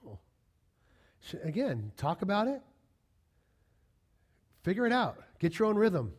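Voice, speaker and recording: A male pastor delivers a sermon in a casual, talky way. His voice sits a bit high for a man. He slips into quick acted-out lines of dialogue to make his points. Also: sing-song, slightly rough. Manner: conversational preaching with acted-out quotes.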